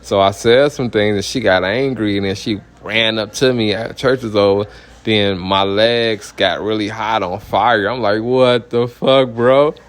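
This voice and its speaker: A man's voice: fairly low pitch, steady tone, normal speed, fairly bright tone. A man, a minister giving a heated, blunt personal testimony full of profanity and repeated "you know what I mean".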